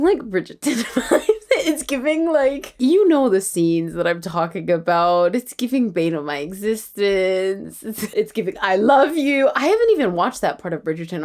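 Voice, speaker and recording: A woman's voice: lowish voice, a little mellow. A young Canadian woman in her twenties, tired late at night, chatting in a casual, self-mocking way and often dropping to a whisper. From Toronto, Canada. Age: 20s. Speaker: writer and vlogger.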